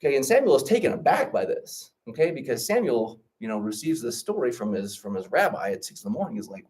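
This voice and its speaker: Animated man telling stories in a lesson. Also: medium pitch, fast, hardly any pauses, recorded from a distance. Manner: animated, checks in often with 'okay?' and 'right?'. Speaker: trip leader and teacher. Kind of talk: orientation talk with storytelling.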